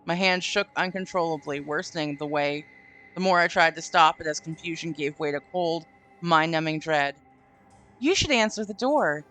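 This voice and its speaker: A woman's voice: low-pitched, fairly even intonation, normal speed, fairly bright tone, faint music behind. A woman streamer reading a horror story aloud and chatting, giggly and casual. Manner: giggly, reads aloud with quoted voices.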